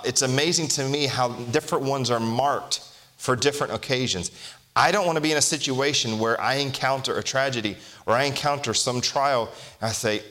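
A man preaching a sermon as a pastor, reading scripture slowly and deliberately and asking the congregation rhetorical questions in a conversational way. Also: mid-range voice, a bit bright.

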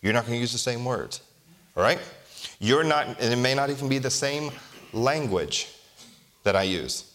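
A man preaching a sermon as a pastor, reading scripture slowly and deliberately and asking the congregation rhetorical questions in a conversational way. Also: mid-range voice, expressive, fairly bright tone, a little hiss or hum.

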